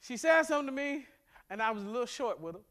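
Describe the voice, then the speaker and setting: A man, a pastor from America, preaching a sermon in a church, animated and humorous, with sudden bursts of emphasis. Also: very high voice, fast talker. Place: church sanctuary.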